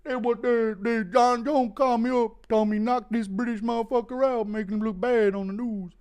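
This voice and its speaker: A man's voice: extremely high pitch, fairly even intonation, normal speed, a little mellow, clean tone, pitched above the performer's own voice. A man doing a brash, boastful voice of a heavyweight fighter after a knockout.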